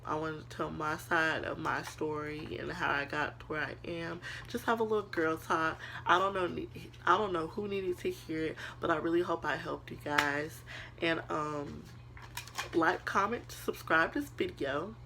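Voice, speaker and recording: A woman's voice: low voice, a little slow, creaky, pushed and bright, slight background noise. A young woman vlogger in casual motivational talk to the camera, earnest and preachy, calling viewers girl and honey.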